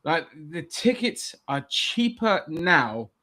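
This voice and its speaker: A man's voice: a little high, very animated, slow, pushed and bright. A man chatting casually as podcast co-host, blunt and jokey with frequent swearing. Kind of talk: casual chat.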